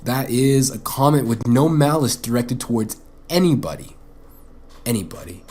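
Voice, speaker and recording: A man's voice: mid-range voice, expressive, normal speed, a little mellow. A young man hosting a solo podcast, rambling bluntly, swearing a lot and poking fun at himself. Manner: profane, blunt and self-mocking; rambling, with frequent restarts. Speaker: podcast host.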